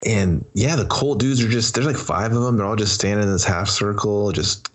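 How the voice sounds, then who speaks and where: A man's voice: lowish voice, fairly quick. A man co-hosting a movie review podcast, talking in a loose, rambling, laid-back way. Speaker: podcast co-host. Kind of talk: casual movie review chat.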